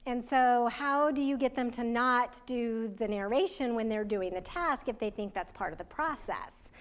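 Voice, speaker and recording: Woman, workshop presenter, conversational and chatty, voice a touch high. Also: moderate pace. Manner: conversational, chatty, laughs often, asks the audience questions. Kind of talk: training presentation to parents and educators.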